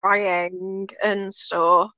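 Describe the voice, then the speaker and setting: A woman's voice: mid-range voice, flat delivery, very slow, sharp tone, no room sound, lo-fi sound. A young woman co-hosting a podcast, telling a story in a rambling, giggly way and saying "like" a lot. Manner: giggly, rambling, heavy use of "like". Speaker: podcast co-host. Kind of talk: casual storytelling chat.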